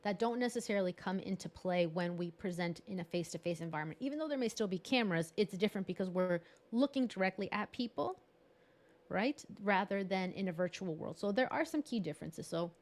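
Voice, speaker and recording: A woman's voice: medium pitch, animated, fairly quick. A bilingual woman presenting a live online workshop over a video call, talking in a chatty, encouraging way and laughing at herself. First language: bilingual English and Spanish.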